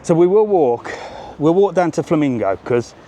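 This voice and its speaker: A man's voice: fairly high pitch, expressive, normal speed, warm tone, a little hiss or hum. A man doing a live walking travel vlog, chatting and joking with passers-by. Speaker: travel vlogger. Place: outdoors on a seafront promenade.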